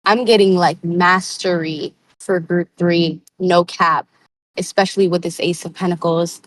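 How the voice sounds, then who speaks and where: A woman's voice: lowish voice, fairly even intonation, measured pace. A woman giving a live spiritual tarot reading in a casual, searching way, full of slang and fillers. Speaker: tarot reader.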